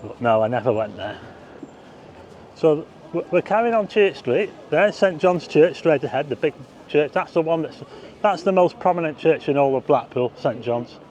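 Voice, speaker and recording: A middle-aged man vlogs a chatty, meandering walking tour through town, addressing asides to the viewer. His voice is on the high side, animated and a little mellow, at a moderate pace, in a slightly dull outdoor recording with slight background noise.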